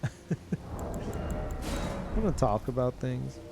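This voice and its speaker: A man talking casually to his live-stream chat, who calls his own voice monotone. He rambles with many fillers and restarts and swears often. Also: mid-range voice, slow pace, creaky, over music. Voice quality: self-described monotone.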